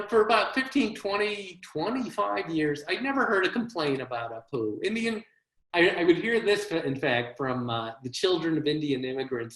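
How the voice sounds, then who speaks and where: A man's voice: fairly high pitch, a bit bright. Wry self-deprecating man telling comic stories. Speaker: comedy writer giving a one-man show. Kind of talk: comic storytelling monologue. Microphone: video call. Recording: roomy echo.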